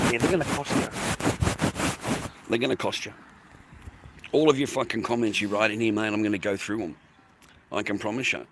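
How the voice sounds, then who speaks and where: On a livestream, a man angrily rants at his chat, swearing constantly, repeating phrases, and berating his viewers. At times he drops to a low, quiet menace when threatening them. There's a slight hiss or hum on the audio.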